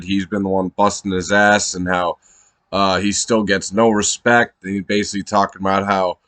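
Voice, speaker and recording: A man with a fairly low voice rambles through excited commentary, swearing freely and laughing as he goes. He sounds a little high, restarting his thoughts often. The sound is dry and close. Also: no echo. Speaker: wrestling fan vlogger.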